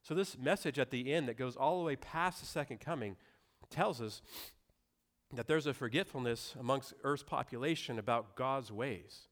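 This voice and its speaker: A man's voice: mid-range voice, normal speed, fairly bright tone. A young adult man preaching a sermon in a conversational way, with asides and rhetorical questions. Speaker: pastor.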